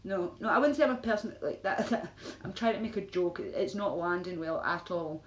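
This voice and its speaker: A Glaswegian woman from Scotland chats with viewers on a live stream, rambling, using plenty of fillers, and laughing often. Her voice is fairly low and brisk, and the recording has a roomy echo with faint noise.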